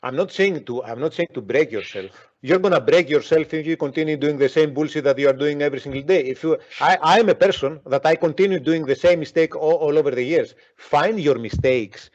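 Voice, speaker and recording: A man's voice: on the high side, fairly quick. Blunt, swearing male trading coach. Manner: forceful, profane, repeats himself. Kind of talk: blunt motivational talk. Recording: dull lo-fi audio.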